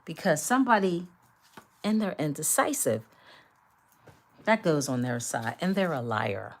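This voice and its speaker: A woman's voice: low voice, lively intonation, measured pace. A woman doing a collective tarot reading, speaking emphatically and repetitively straight to her viewers. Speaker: tarot reader.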